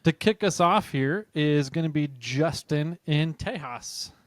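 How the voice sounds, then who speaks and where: A man's voice: fairly high pitch, unhurried, no echo, studio quality. A man hosting a podcast, chatting casually and retelling a funny story with laughter. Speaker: podcast host.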